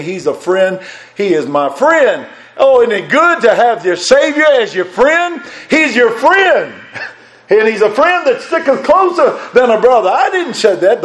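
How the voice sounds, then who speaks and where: A man preaching a sermon, swinging between loud, fervent passages and hushed ones. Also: high voice, sing-song, moderate pace.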